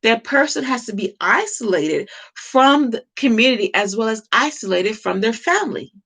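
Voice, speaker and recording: A woman's voice: fairly high pitch, expressive, normal speed, fairly bright tone, husky. A woman talking to camera in an impassioned monologue, emphatic and repetitive, firing off rhetorical questions. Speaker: vlogger.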